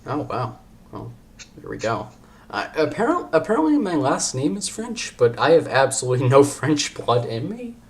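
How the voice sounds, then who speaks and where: A man's voice: mid-range voice, wildly swooping pitch, moderate pace. Rambling, jokey young male podcast host. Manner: rambling, jokey, self-interrupting. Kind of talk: casual chat.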